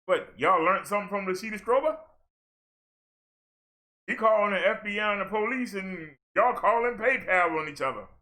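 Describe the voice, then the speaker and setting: A commentary vlogger rants in a high, animated male voice at normal speed, pausing often with a sharp edge. He sounds exasperated and scolding, and he mocks others by putting on voices.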